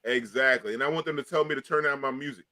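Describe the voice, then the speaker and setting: A man's voice: mid-range voice, fast talker, a loud crowd. A man co-hosting, joking loosely in slangy casual banter. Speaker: podcast co-host.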